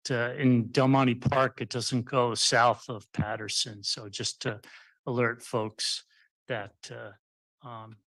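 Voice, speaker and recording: Mayor guy running the meeting, dry close sound, relaxed, lots of ums. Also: medium pitch, slow, no room sound. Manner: relaxed, informal, with fillers. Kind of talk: chairing a council meeting. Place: council chamber.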